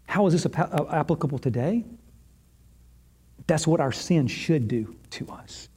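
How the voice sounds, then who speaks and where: A male pastor giving a sermon, retelling a scene dramatically with long pauses and repetition. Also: on the high side, expressive, warm tone, slightly rough.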